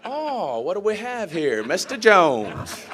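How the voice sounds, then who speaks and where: A man's voice: high-pitched, very animated, slow, a bit bright, voice pushed up, exaggerated voice. A man voicing a stern male military-school colonel who catches a student hiding, mocking him through laughter. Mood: mock surprise.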